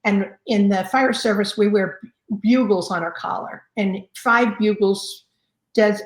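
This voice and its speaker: A woman in her sixties, a fire chief appearing as a guest, tells stories in a rambling, conversational way full of fillers. Her medium-pitched voice stays steady and unhurried, and the recording has a roomy echo.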